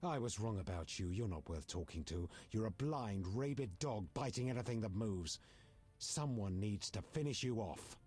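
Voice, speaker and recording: A fanatical elf commander makes cold, declamatory threats in a low, husky voice. Faint game music runs under the video game dialogue. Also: male voice, animated, moderate pace, a little mellow. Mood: menacing. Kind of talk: game voice acting.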